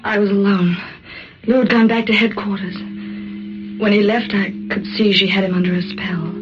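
A woman's voice: medium pitch, fairly even intonation, normal speed, lightly acted. An actress gives us a frightened young woman in a 1940s radio drama, telling her own story. She sounds tense, breathless and emotional. Dramatic music plays under a dull, lo-fi recording. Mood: despairing. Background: dramatic background music.

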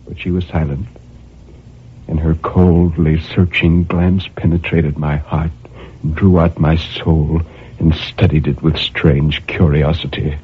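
A man narrating a dark first-person story in a brooding, intense, measured way. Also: rumbling low, level tone, breathy edge. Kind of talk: dramatic story reading. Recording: tinny phone-like audio.

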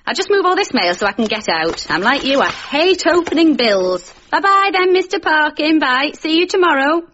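A woman's voice: high-pitched, sing-song, normal speed, fairly bright tone, highs cut off, slight background noise. A woman playing a nagging, chatty home carer who fusses and prattles, in a comic radio sketch. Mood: fussing. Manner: prattling, fussing, talking to herself.

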